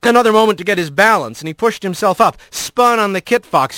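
A man narrating a storybook in an expressive, storytelling way. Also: sits high, fairly quick, no room sound. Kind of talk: audiobook narration.

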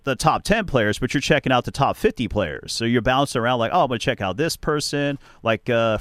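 A man hosting a podcast, telling stories in a chatty, animated way and laughing often. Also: medium pitch, no echo. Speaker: podcast host. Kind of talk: casual chat.

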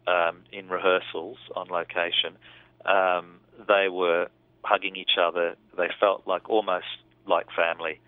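Deep-voiced man on a phone line. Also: flat delivery, measured pace, dry recording. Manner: thoughtful, rambling with restarts. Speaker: film director. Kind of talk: casual interview talk.

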